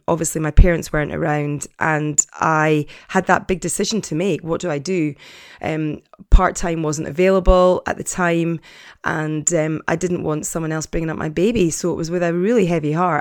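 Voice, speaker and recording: Low-voiced woman telling her story. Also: moderate pace, dry recording, clean studio sound. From Scotland. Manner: chatty, lively, many fillers and restarts. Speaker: vlogger, former TV presenter. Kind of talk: personal storytelling to camera.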